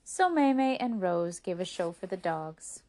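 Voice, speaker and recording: A woman reading a children's chapter book aloud to her boys, gentle and expressive. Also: lowish voice, unhurried. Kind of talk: storybook read-aloud.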